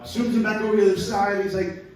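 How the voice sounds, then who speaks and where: A man's voice: sits high, steady tone, fast talker, crowd noise. A man doing a stand-up set at a brewery, rambling and chuckling at his own jokes. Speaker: stand-up comedian. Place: brewery taproom. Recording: echoey room, mic heard from far off.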